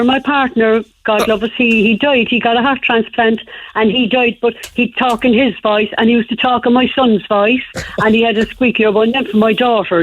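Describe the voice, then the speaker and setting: Woman, fifties, rambling chatty caller, muffled dull phone line. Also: on the high side. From Ireland. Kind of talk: phone-in radio chat.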